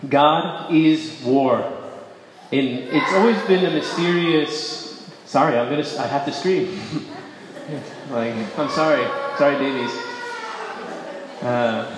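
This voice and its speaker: A man's voice: mid-range voice, slow pace, pauses often, background noise. A man giving a personal faith testimony to an audience, talking conversationally, correcting himself and breaking into bursts of emphasis. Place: large echoey hall before an audience. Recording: echoey hall with long reverb.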